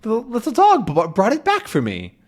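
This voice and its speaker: A man voicing a fussy, hard-of-hearing elderly professor with a gentle, fretful manner. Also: very high-pitched, wildly swooping pitch, moderate pace, voice pushed up, heavily acted.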